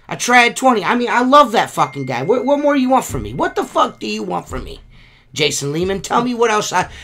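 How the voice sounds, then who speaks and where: A man's voice: sits high, creaky, a bit bright. A man hosting a podcast, ranting in a profane, exasperated way. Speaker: podcast host. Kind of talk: casual podcast rant.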